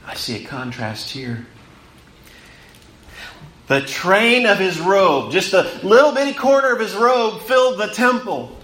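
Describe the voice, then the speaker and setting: A man delivers a sermon in a high, bright voice, slow and deliberate. He swells on key words, then drops low and hushed, repeating phrases for emphasis. The room around him is echoey. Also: animated, a little hiss or hum. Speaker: preacher.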